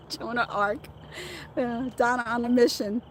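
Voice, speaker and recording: A middle-aged woman hosts a relaxed livestream, talking straight to her viewers and laughing often. Her voice sits a little high for a woman, and a faint hum of noise runs underneath. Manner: chatty, laughs often, talks back to commenters by name. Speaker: livestream host reading viewer chat. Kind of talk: casual livestream chat.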